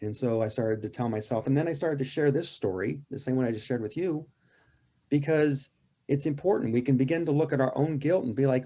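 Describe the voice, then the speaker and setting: A man's voice: medium pitch, brisk, dark tone. A man speaking as a podcast guest and grief coach, telling a personal story in an earnest, reflective and emphatic way.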